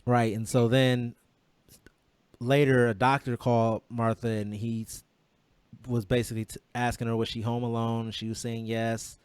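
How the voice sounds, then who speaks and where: A man's voice: mid-range voice, little pitch movement, normal speed, smooth, no echo. A man co-hosting a podcast, retelling a story in casual chat with many quoted exchanges and restarts. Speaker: podcast co-host.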